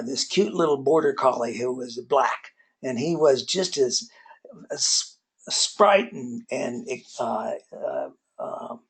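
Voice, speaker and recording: A man giving a relaxed webinar talk on workplace accountability, telling folksy personal stories with many pauses and filler words. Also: medium pitch, husky. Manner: folksy storyteller.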